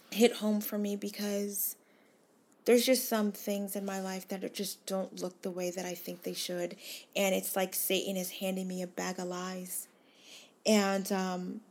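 A woman hosting a devotional, reading scripture aloud slowly and earnestly, then reflecting on it. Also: mid-range voice. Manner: slow, earnest, gently emphatic reading. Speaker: devotional host.

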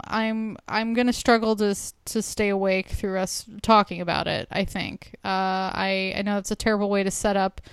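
Smooth-voiced woman podcast co-host. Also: mid-range voice, fairly bright tone, dry recording, studio quality. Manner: laughing, hesitant, many fillers and restarts. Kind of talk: casual podcast chat.

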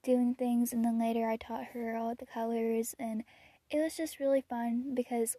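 Teen girl, casual podcast chat, slightly breathy, fairly high voice, dry close sound. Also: level tone, normal speed, no echo. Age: teens. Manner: rambling, chatty, with frequent fillers and soft laughs. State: a little out of breath. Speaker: podcast host.

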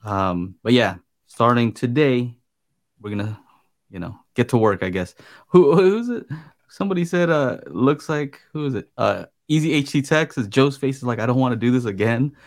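A man hosting a podcast in casual chat, relaxed and hesitant, reading out viewer comments. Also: medium pitch, normal speed. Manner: relaxed, hesitant, many fillers. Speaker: podcast host.

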